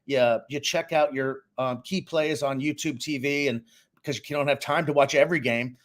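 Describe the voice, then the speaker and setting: A middle-aged man from Boston, co-hosting a casual sports podcast and giving opinionated, animated takes. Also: medium pitch, normal speed. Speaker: co-host and sports analyst.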